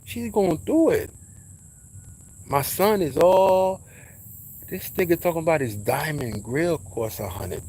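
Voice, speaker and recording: Casting: New man, preachy street-wise advice, emphatic with low asides, faint outdoor insect noise. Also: expressive, a little slow, long pauses, darkish tone, low-quality recording. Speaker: vlogger giving advice. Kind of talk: casual spoken monologue.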